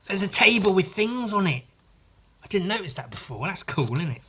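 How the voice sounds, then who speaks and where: A young British man chats through a solo podcast in a rambling, off-the-cuff way. He turns sarcastic and swears freely, and he jumps into high silly voices for his jokes. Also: big pitch swings, moderate pace, fairly bright tone, slight background noise. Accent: British English. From Britain. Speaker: podcast host. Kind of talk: casual solo podcast chat.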